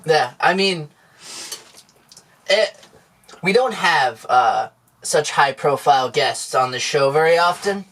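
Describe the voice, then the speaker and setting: Guy cohosting a comedy podcast, kinda high voice, dry and mock polite. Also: animated, slow pace, long pauses, fairly bright tone. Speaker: podcast co-host. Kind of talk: casual comedy podcast chat.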